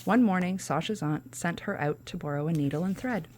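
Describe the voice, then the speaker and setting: A woman's voice: lowish voice, fairly quick, darkish tone, a little hiss or hum. A woman podcast host reading a children's storybook aloud, with casual asides between the narration.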